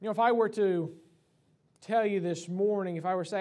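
High-voiced preacher giving a sermon. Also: male voice, a little fast, mellow. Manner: conversational preaching with many fillers and restarts. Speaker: pastor. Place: church sanctuary.

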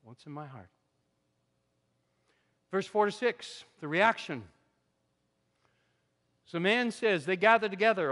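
A man with a high voice delivers a lively, conversational sermon, punching some phrases loudly and dropping others to near-murmurs. The sound carries a long reverb, as if from a church sanctuary. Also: a little slow, pauses often. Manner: animated, conversational preaching with sudden drops to quiet asides. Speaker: pastor.

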